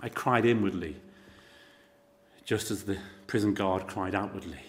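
A middle-aged man preaching a sermon, telling the story dramatically, with rhetorical questions to the congregation and shifts between loud emphasis and quiet intensity. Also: low voice, measured pace.

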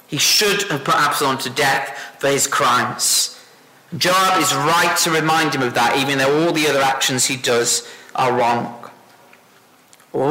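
A man's voice: on the high side, sharp tone. A man preaching an expository sermon, earnest and building to emphatic insistence. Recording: echoey room.

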